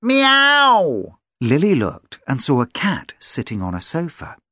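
A storyteller reading a children's story aloud in an animated, sing-song way. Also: medium pitch, moderate pace, dry recording, clean studio sound.

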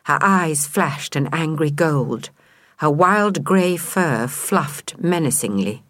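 A woman reading a children's storybook aloud, expressive and measured, with a lower voice that rises and falls widely. The sound is dry and close with no room around it. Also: no echo. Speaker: narrator.

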